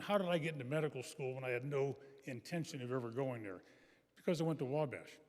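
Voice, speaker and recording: An older man giving a folksy, anecdotal speech as a guest speaker in a large chapel. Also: on the high side. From American Midwest. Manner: folksy storytelling. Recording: long chapel reverb.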